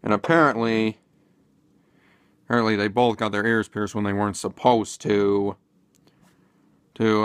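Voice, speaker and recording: A man's voice: lowish voice, fairly bright tone, clear, resonant tone, no room sound. A man casually commenting in a vlog, rambling and hesitant with many fillers and restarts. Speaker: video commentator.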